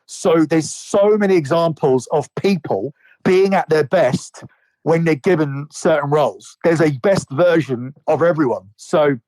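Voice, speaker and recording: A man's voice: a little high, measured pace, a little mellow, no echo, low-quality recording. A man in casual podcast chat about wrestling, rambling and swearing a lot with many restarts. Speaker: podcast co-host.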